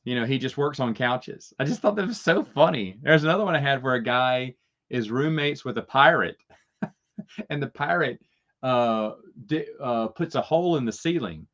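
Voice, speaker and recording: A man's voice: mid-range voice, expressive, moderate pace, fairly bright tone, highs cut off. A man hosting a casual Q&A chat, rambling through stories and chuckling at his own jokes. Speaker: host answering viewer questions.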